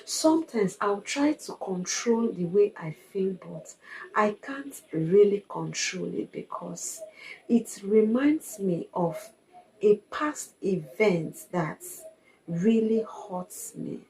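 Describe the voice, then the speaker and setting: A woman's voice: mid-range voice, expressive, slow pace, a little mellow, poor audio. A woman, giving a reflective personal monologue as a vlogger, earnest and confiding, repeating her points for emphasis.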